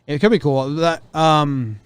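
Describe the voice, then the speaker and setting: A man's voice: fairly high pitch, a little slow, clear, resonant tone, no echo. A man co-hosting a casual show, reading news stories aloud and rambling through anecdotes with many restarts. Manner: rambling, self-correcting storyteller. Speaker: co-host.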